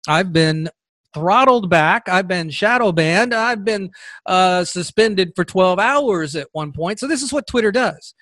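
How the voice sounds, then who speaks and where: A man's voice: high-pitched, animated, measured pace, fairly bright tone, no room sound. A man hosting a podcast, giving sarcastic, combative political commentary into a close mic. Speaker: podcast host.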